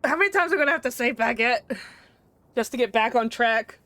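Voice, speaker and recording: A woman's voice: a little high, animated, brisk, bright, forceful tone, no room sound. A young adult woman chatting casually and teasing her chat while playing a game live, laughing often. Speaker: gaming streamer.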